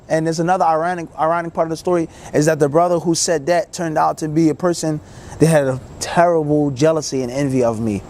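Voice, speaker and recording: A man, an Islamic teacher, telling a personal story in a casual, animated way and acting out other people's lines. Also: fairly high pitch, quick pace. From United States. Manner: casual, many fillers like "you know".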